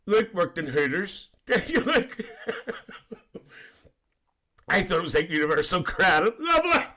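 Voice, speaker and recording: A man's voice: sits high, very animated, a little slow, long pauses, bright, forceful tone, full character voice. A man playing a cheeky auntie figure on a comedy live stream, reading comments with risqué jokes and squealed exclamations. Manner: giggly and risqué, squealing "lovely". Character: bawdy cheeky auntie woman, gossiping and giggling.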